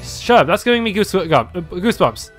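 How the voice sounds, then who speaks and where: A man's voice: sits high, sing-song, a little fast, a bit bright, faint music behind. A man giving casual let's-play commentary, chatty and reacting aloud with fillers.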